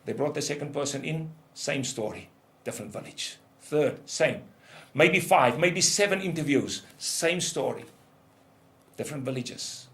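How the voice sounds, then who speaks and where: An older man, a ministry leader, giving a testimony sermon in an intense storytelling manner, going from loud outbursts to hushed lows. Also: a little slow. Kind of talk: testimony preaching.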